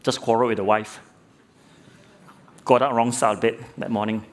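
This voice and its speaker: A man's voice: lowish voice, steady tone, moderate pace. A middle-aged man and lay preacher preaching a sermon, telling a courtroom story and asking his listeners rhetorical questions, often repeating words as he starts a phrase. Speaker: lay preacher, former judge.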